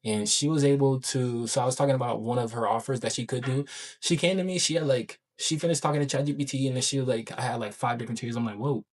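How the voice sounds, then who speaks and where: A man talking in a casual daily vlog about his coaching work, excited and rambling, full of slang and filler words. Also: medium pitch, quick pace. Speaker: online business coach.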